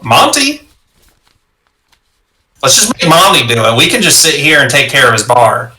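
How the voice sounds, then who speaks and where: A man's voice: medium pitch, sing-song, normal speed, bright, forceful tone. A man playing in a casual tabletop game, blunt and profane with a drawl. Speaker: player.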